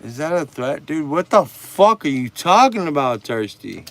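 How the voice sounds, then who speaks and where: A man's voice: a little high, very animated, moderate pace, a bit bright, soft background music. A man hosting a casual livestream chat, talking stoned, laid-back and profane while teasing a viewer. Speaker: livestream host.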